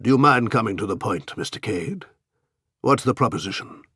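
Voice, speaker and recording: A curt, guarded middle-aged money man with a clipped, edgy delivery, as the reader puts him on. The voice is slightly husky and recorded dry and close. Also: on the low side, animated, moderate pace, pushed and bright, no echo, heavily acted.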